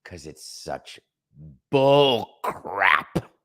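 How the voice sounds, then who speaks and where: Sarcastic, emphatic sports talk host, low-voiced man. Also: expressive, very slow, fairly bright tone. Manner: sarcastic, emphatic, rants with mock quotes. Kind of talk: opinionated sports commentary monologue.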